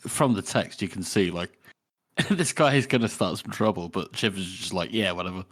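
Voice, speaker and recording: A man's voice: sits low, expressive, moderate pace, breathy edge. A man co-hosting a casual book podcast, talking loosely with many "you know"s and easy laughs. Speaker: podcast co-host.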